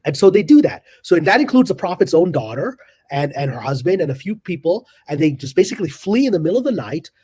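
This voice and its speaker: A middle-aged man retelling a piece of history with lively energy, acting out the speakers' lines with big jumps in pitch. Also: quick pace, breathy edge, dry recording. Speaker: guest storyteller. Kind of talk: animated historical storytelling.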